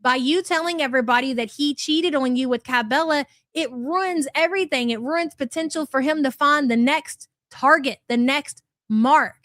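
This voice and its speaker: A woman's voice: high-pitched, normal speed, hardly any pauses, fairly bright tone, no echo, studio quality. A woman hosting a livestream, reacting to clips with blunt, profane commentary and reading out super chats. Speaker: commentary channel host.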